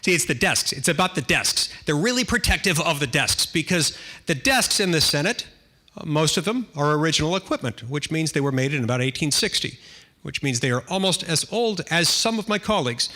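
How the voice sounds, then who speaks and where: An American senator, middle-aged, tells a self-deprecating story during a speech with dry humor and frequent restarts. His voice sits on the high side and sounds sharp, animated, and fairly quick.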